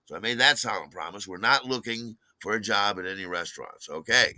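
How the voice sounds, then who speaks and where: Older guy spinning a yarn, dry and wry, lowish voice but really bright, dead dry sound. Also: no echo. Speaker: podcast host. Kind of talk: personal storytelling.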